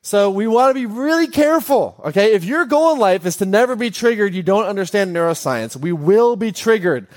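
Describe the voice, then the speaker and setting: A man hosting a podcast, speaking in an animated way to a live audience and putting questions to them. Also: high-pitched, brisk, hardly any pauses. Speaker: podcast host.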